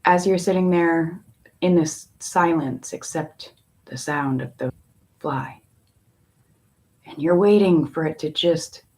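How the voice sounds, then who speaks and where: A woman tarot reader in a casual spiritual talk, musing in a slow, meandering way with long pauses. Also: low voice, darkish tone.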